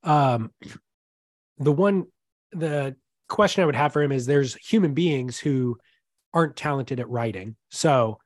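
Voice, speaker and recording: A man's voice: mid-range voice, measured pace, pauses often, dry recording, clean studio sound. A man co-hosting a podcast, in laid-back, joking casual chat. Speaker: podcast co-host.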